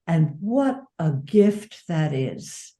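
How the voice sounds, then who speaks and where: Low-voiced woman, earnest guest. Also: sing-song, extremely slow, dark tone. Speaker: author and dementia advocate, guest. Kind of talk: conversational interview.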